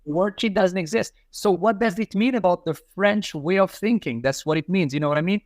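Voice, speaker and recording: A man's voice: sits high, a little fast, dry recording, clean studio sound. A man, a language educator answering interview questions in a reflective way, repeating key phrases for emphasis. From Morocco. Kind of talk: casual interview conversation.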